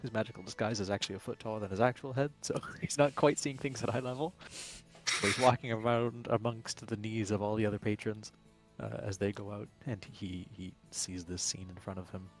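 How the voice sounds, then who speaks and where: Lower-voiced man narrating his character. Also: fairly even intonation, a little fast, faint music behind. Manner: narrates at length, with filler sounds. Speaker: player.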